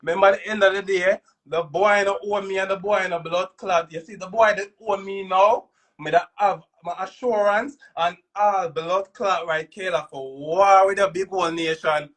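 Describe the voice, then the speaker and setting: A man with a Jamaican accent ranting loudly on a live stream, cursing and repeating himself. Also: high voice, steady tone, moderate pace, distant mic. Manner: loud, cursing, repetitive. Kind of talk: heated live-stream rant.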